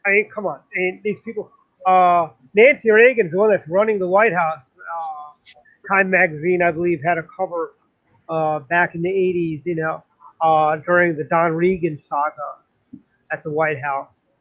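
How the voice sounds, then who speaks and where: A high-pitched man co-hosts a political talk show, speaking at a moderate pace with fairly even intonation over lo-fi sound. He sounds indignant and rambles in long runs packed with fillers.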